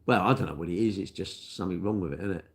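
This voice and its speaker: An older Englishman chats casually and rambles, poking fun at himself and calling everyone mate. His voice sits low with a gravelly, creaky edge. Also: racing. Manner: rambling, self-deprecating, matey. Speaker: cake shop worker answering viewer questions. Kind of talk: casual chat.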